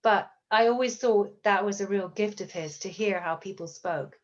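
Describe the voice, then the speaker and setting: A woman's voice: mid-range voice, moderate pace, lo-fi sound. A British woman author answering audience questions in a thoughtful, hesitant way, often repeating words. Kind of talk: bookstore author Q&A.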